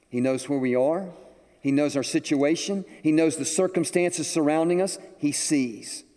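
An older man preaching in a large auditorium, speaking slowly and deliberately with a mellow, darkish tone. His voice sits a little high for a man, and a long hall reverb trails each phrase as he tells homey stories. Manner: storytelling with homey anecdotes, slow and deliberate. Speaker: pastor. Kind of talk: sermon.

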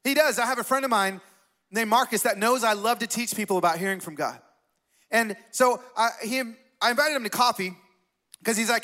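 A man preaching a sermon in a conversational, animated way, telling a personal story and asking the congregation questions. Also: high voice, fairly quick. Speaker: pastor.

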